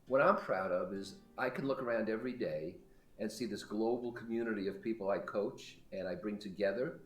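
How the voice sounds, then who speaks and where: A man's voice: lowish voice, fairly quick. A man working as a business coach, speaking bluntly and emphatically in an interview. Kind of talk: interview clip. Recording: echoey room, mic far off.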